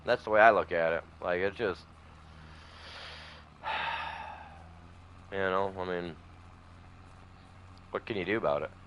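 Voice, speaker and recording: A man's voice: low-pitched, takes it slowly, pauses often, fairly bright tone, a little hiss or hum. A man chatting casually over a farming game, rambling through a long story with many fillers and restarts. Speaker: gaming streamer. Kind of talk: casual gameplay chat.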